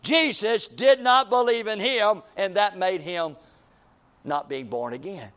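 A man's voice: high voice, a little slow, a bit bright. A man preaching a sermon as pastor, driving his points home with repeated questions and rising emphasis.

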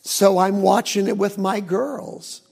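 A middle-aged man, a pastor, preaching in a folksy, animated storytelling way with asides. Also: high-pitched, slow, vocal fry, slightly rough. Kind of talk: sermon.

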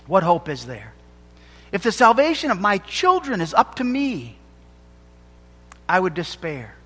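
A man delivers a sermon in a high, lively voice that climbs and falls with every point. He leans on key words, slowing right down to stress them, and his voice rings out with a long echo from a church hall. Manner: emphatic preaching with slowed, stressed phrases. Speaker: pastor.

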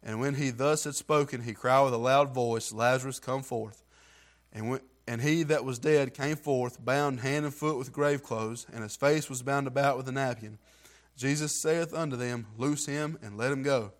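A man's voice: medium pitch, moderate pace. A man reading scripture aloud and giving an earnest, heartfelt testimony in plain everyday grammar. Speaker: church member giving testimony.

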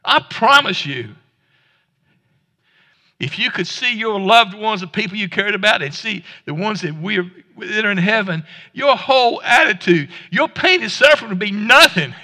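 A male pastor delivers a casual, down-home sermon, tripping over and restarting his words as he goes. His voice sits high and sounds bright and forceful. It rings out with the long reverb of a church hall. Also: expressive, moderate pace. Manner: conversational, folksy preaching with stammered restarts. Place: church sanctuary.

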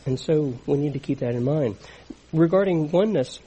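A man's voice: on the high side, moderate pace, mellow, slightly rough, low-quality recording. A middle-aged man preaching a sermon in an earnest, conversational teaching manner.

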